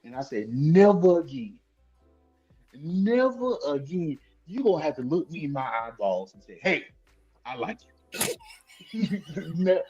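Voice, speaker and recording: A man's voice: medium pitch, darkish tone, breathy edge, dull audio. A male podcast co-host telling a story in casual chat, acting out both sides of the dialogue.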